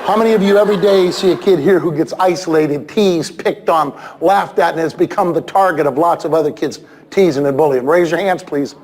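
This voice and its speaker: A man giving an animated, playful talk at a school assembly, shouting for emphasis and slipping into comic impressions. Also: a little high, fairly quick, hardly any pauses, slight background noise. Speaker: motivational speaker at a school assembly. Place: large school gym with students. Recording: reverberant hall with crowd murmur.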